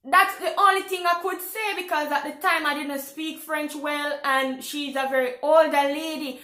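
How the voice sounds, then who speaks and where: A Caribbean woman in her thirties with a Caribbean accent, telling a personal story to camera in a casual, animated way. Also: high voice, echoey room. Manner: animated, exclaims loudly when retelling reactions. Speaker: vlogger. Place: home in France.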